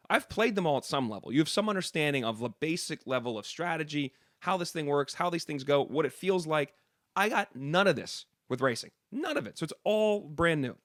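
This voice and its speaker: A man co-hosting a podcast, telling a story in quick, animated casual chat full of slang. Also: fairly high pitch, dry recording, clean studio sound. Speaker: podcast co-host and sports reporter.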